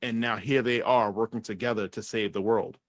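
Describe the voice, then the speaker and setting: A man's voice: on the low side, fairly even intonation, moderate pace, no room sound. A man reviewing a movie in casual chat, rambling and swearing as he retells scenes. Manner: rambling, profane, acts out characters' lines.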